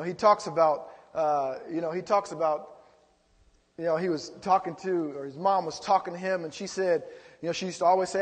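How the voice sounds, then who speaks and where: A man's voice: high voice, a bit bright, long reverb tail. A man preaching a sermon as pastor, rising into emphatic calls to the congregation.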